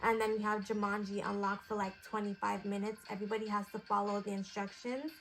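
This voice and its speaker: A woman's voice: mid-range voice, little pitch movement, fast talker. A woman in character as a psychic priestess giving a magic class, rambling with many fillers in a mystical tone. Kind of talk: improvised role-play class.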